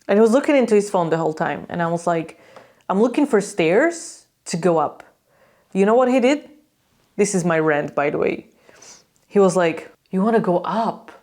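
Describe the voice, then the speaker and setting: Ranting woman from Slovakia, lowish voice. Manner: animated storytelling, acting out quotes, sarcastic. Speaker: hockey vlogger. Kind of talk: casual ranting vlog.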